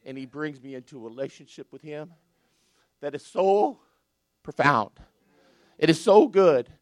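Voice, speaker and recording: An older man preaching a sermon, animated and exclaiming with laughter and praise. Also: on the high side, measured pace, no echo.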